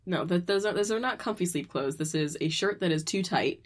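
A young woman co-hosts a casual podcast, recapping a film scene by scene. She talks in a relaxed, rambling way and often restarts her sentences. Her voice sits on the lower side. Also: a little fast. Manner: laid-back, rambling, with restarts. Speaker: podcast co-host.

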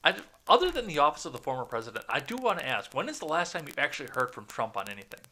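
A man's voice: on the high side, sing-song, racing, sharp tone, a little hiss or hum. A man hosting a podcast of casual political commentary, reading news articles aloud and reacting bluntly with lots of swearing. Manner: profane, blunt, reads news articles aloud then rants. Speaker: podcast host.

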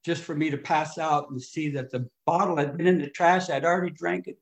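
Middle-aged man, fairly high voice, giving a heartfelt recovery talk with big swings in volume. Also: steady tone, fairly quick. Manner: emotional, swinging between loud and hushed. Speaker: recovery speaker. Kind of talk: AA share storytelling.

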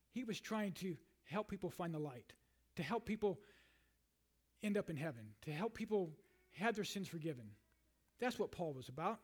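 A male pastor giving a conversational sermon, with frequent "you know"s and restarts, reading scripture aloud and then paraphrasing it in lively everyday words. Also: on the high side.

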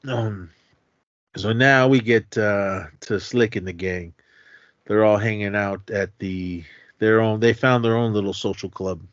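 A man's voice: lowish voice, fairly even intonation, unhurried, no echo. A man co-hosting a podcast, casually retelling a film's plot and acting out the characters' lines in raised voices, chuckling as he goes. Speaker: podcast co-host. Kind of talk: casual chat retelling a film. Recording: dry, slightly dull lo-fi audio.

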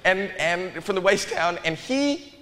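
A man's voice: high voice, animated, a little slow, fairly bright tone, big-room sound, slight background noise. A man doing stand-up comedy on a stage, telling a long story with stammered repeats and chuckles. An audience laughs behind him. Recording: live club with crowd.

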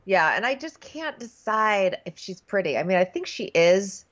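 A woman co-hosting a comedic chat, wry and chatty as she picks people apart. Her voice moves up and down in a lively way. The recording sounds dull and lo-fi. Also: medium pitch, normal speed. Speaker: podcast co-host.

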